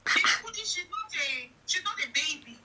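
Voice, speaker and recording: A woman's voice: high-pitched, animated, normal speed, very noisy. A woman with a Nigerian accent in heated casual commentary, firing off indignant rhetorical questions and repeating her points.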